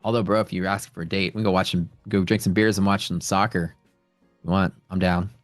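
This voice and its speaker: Chatty male stream host, low-pitched, talking loosely to his chat over faint background music, dry sound. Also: fairly even intonation, quick pace, no echo. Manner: rambling, talkative, answers viewer chat questions. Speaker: livestream host and futures trader. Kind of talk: casual livestream chat. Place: at home.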